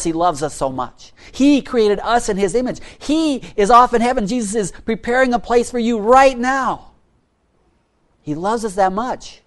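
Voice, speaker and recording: A man preaching a sermon as pastor, earnest and pleading, firing off rhetorical questions and repeating words, sometimes dropping almost to a hush. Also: high-pitched.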